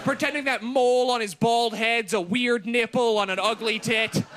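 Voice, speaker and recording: A man in his twenties doing a stand-up routine on a TV comedy show, deadpan with sudden shouted bursts. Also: very high voice, moderate pace, heavy background noise. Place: TV studio stage before an audience.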